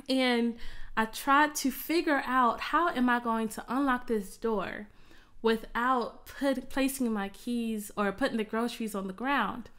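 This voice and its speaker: A woman minister with a fairly high voice, praying fervently and filling her lines with soft murmured asides. Between prayers she talks to her online viewers in an easy, chatty way, urging them to type replies in the chat. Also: smooth. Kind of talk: prayer and sermon on a virtual service.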